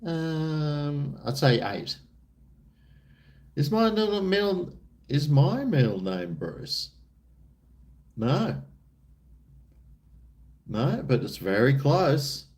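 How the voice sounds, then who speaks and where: A man's voice: a little high, sing-song, extremely slow, pauses often, a little mellow. An Australian man chatting casually on a live stream, laid-back and drawling with crude banter, answering his viewers.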